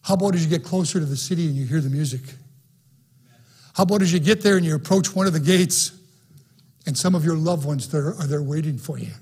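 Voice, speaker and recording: A man's voice: on the high side, fast, a little mellow, breathy edge. A man preaching a sermon, repeating phrases and building to fervent, emphatic peaks. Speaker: pastor. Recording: broadcast sermon.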